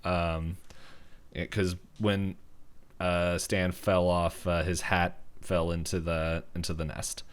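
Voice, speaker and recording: A man's voice: deep voice, little pitch movement, takes it slowly, smooth. A man hosting a podcast, casually recapping a cartoon episode in a rambling way with lots of fillers. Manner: rambling with many fillers and laughs. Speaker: podcast host.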